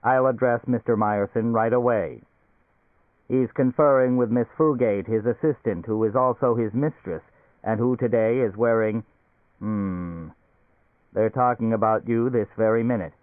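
A man's voice: mid-range voice, normal speed, no room sound, natural voice. A man voicing a fussy, prim talking psychiatrist machine in an audiobook, over a tinny, phone-like recording. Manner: prim, chattering, giggly.

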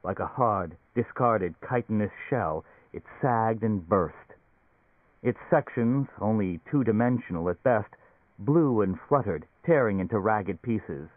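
A man with a voice on the low side narrates an audiobook steadily and at a measured pace. The recording is dry and narrow, sounding as if it came over a phone.

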